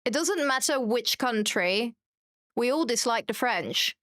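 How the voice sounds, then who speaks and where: A woman's voice: a little high, expressive, unhurried, a bit bright, no room sound. Chatty German woman streamer, dry close mic. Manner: chatty and self-mocking, reads chat aloud. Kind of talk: casual chat while gaming.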